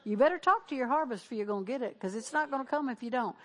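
A woman's voice: fairly high pitch, expressive, racing. A middle-aged woman pastor preaching, exhorting the congregation with call-and-response and repeated declarations. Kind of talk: sermon.

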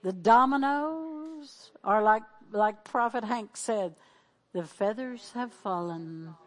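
This sermon comes from a middle-aged woman pastor whose voice is slightly high, animated and slow. She rouses the congregation with call-and-response exchanges and repeated declarations.

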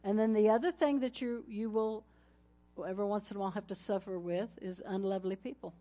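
A woman's voice: medium pitch, fairly even intonation, a little fast, mellow. A woman pastor, preaching a folksy sermon with announcements and laughter, ending in a fervent prayer.

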